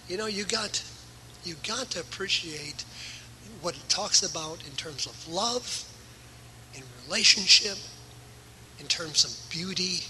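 Earnest bright-voiced male pastor preaching. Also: high-pitched, a little slow, long pauses, slight background noise, low-quality recording. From USA. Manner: earnest, emphatic preaching with varying volume. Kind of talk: sermon. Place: church.

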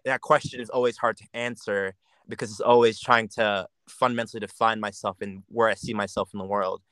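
A man's voice: lowish voice, a bit bright, clean tone, no echo. A young man from Jamaica with an American accent, a podcast guest talking casually and reflectively, often restarting and repeating words. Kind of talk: casual chat.

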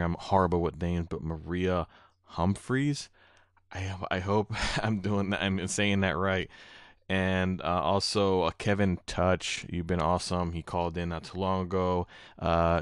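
Very deep, flat-voiced man rambling solo. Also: clear, resonant tone, no echo, studio quality. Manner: rambling, many fillers and restarts, apologetic. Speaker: podcast host. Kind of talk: unedited solo podcast talk. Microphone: own microphone into recording software.

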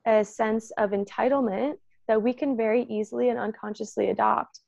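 A slightly high, gravelly woman talks briskly and animatedly about consent and energy, imitating the people she quotes and filling gaps with "like" and "um." It's a casual spiritual chat captured with no room sound.

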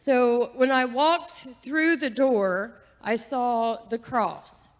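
A woman's voice: fairly high pitch, slow. Earnest woman testifying in a reverberant hall. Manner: earnest, chatty, with fillers and soft laughs. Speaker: guest giving testimony. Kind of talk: personal testimony at church. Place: church sanctuary. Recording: long reverb of a large hall.

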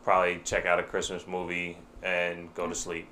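A man's voice: low-pitched, completely flat delivery, moderate pace, sharp tone, slight background noise. A man hosting a casual podcast at home, chatting loosely and often trailing off with hesitant asides. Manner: hesitant, trailing off with "I don't know". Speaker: podcast host. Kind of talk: casual chat. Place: home, watching TV while recording.

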